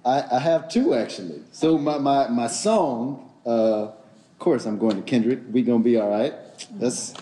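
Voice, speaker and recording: A man playwright on a panel, speaking in a heartfelt, halting way with many restarts. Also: mid-range voice, animated, warm tone. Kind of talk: panel discussion.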